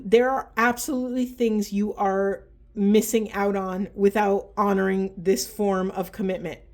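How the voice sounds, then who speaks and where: A woman talks through an oracle card reading in a warm, mellow voice. She is earnest and impassioned, urging her listeners on. Her pitch sits in the middle for a woman. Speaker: spiritual tarot reader.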